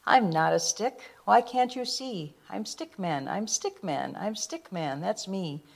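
A woman's voice: mid-range voice, animated, takes it slowly, creaky, a little mellow, full character voice. A woman voicing a small male stick figure, sing-song and plaintive in his refrain.

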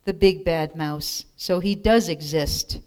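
A woman's voice: deep voice, takes it slowly, a little mellow, clear, resonant tone. A woman reading aloud and voicing a bold young female monster child in a storybook, eager and wondering. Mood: awed.

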